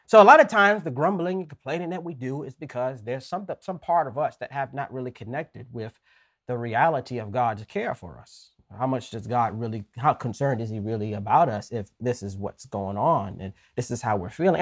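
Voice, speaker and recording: A man preaching a sermon in a conversational way, often checking in with "right?" and reading scripture slowly with emphasis. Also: medium pitch, fairly bright tone. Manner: folksy asides.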